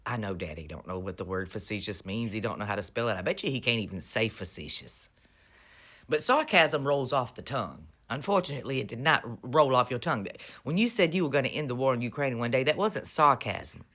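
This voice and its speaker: A woman's voice: very deep voice, animated, a little fast, a bit bright. A woman giving casual, sarcastic political commentary in a mocking, drawling manner. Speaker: vlogger.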